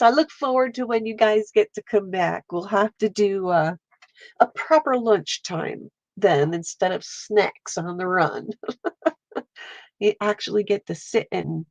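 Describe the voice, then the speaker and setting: A woman's voice: mid-range voice, vocal fry, a little mellow, no room sound. A woman hosting a casual watercolour livestream, stuffy-nosed, chatting with viewers while she paints. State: stuffy nose. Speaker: livestream host. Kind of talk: casual live art stream.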